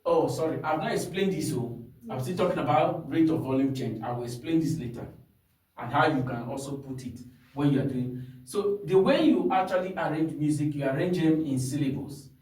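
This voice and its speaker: A man with a fairly high, darkish voice speaks briskly as he teaches a singing lesson. He explains each step in an instructive way, often checking in with his student using "hmm?" and "you understand?". The recording sounds echoey, with the mic placed far away.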